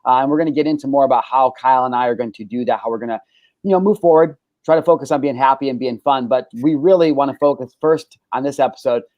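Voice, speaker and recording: A man's voice: medium pitch, fast talker, dry recording, highs cut off. A man hosting a casual talk show, telling a wild story with lots of swearing and energy. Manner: animated storytelling, heavy swearing. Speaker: host. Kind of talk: casual chat.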